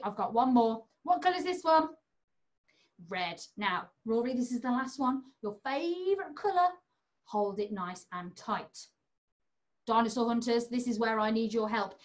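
A young woman hosting an online children's magic show, talking playfully and coaxingly to young kids and a puppet. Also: on the high side.

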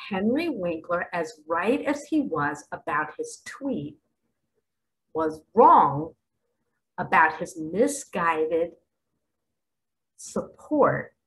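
A woman giving a dramatic preaching monologue to camera. She asks rhetorical questions and swings between hushed asides and loud exclamations. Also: mid-range voice, rough recording. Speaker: self-styled spiritual guide.

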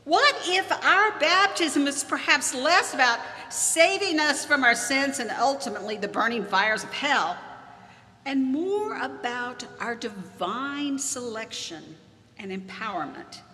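A woman pastor giving a measured, expressive sermon with dramatic pauses in a church sanctuary. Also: high-pitched, big-room sound.

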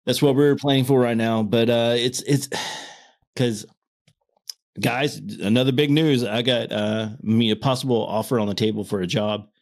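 A man in his thirties chatting casually on a podcast, stumbling and restarting his words when excited, laughing often. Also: medium pitch, normal speed. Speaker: podcast co-host. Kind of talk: casual chat.

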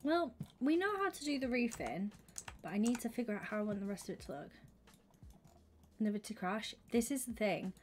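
A young woman livestreaming a game, chatting with her viewers and thinking out loud, often slipping into a whisper. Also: on the high side, expressive, a little fast, slight background noise. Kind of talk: casual gaming stream chat.

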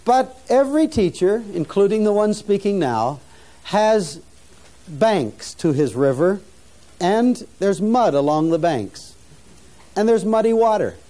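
A man's voice: sits high, lively intonation, takes it slowly, mellow. An older man giving an earnest, preacherly teaching talk to students, often restarting phrases and rising to stress key points. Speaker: mission founder teaching students. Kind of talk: sermon-style teaching talk.

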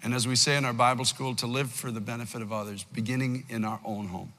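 A man in his sixties preaching a sermon as pastor, with passionate swings between loud climaxes and quiet pleading. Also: mid-range voice, fairly even intonation, quick pace, in a large hall. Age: 60s. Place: large church hall.

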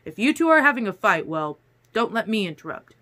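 A woman voicing a middle-aged father who speaks loudly and teasingly in a storybook reading. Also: mid-range voice, big pitch swings, a little fast. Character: middle-aged father, suspicious then smug.

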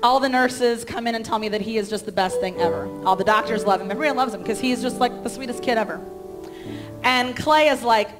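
A woman's voice: on the high side, brisk, over music. A middle-aged woman pastor telling a personal story in a sermon, acting out the dialogue of the people in it. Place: church sanctuary.

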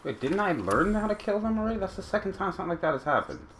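A man's voice: high voice, big pitch swings, rapid-fire, fairly bright tone, a little hiss or hum. A man hosting a let's play, chatting casually over gameplay and talking back to the game and its creatures.

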